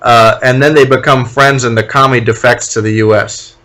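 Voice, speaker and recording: A man's voice: medium pitch, steady tone, moderate pace, pushed and bright. A man co-hosting a podcast in casual chat, speaking hesitantly with many ums and giving blunt, critical opinions. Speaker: podcast co-host.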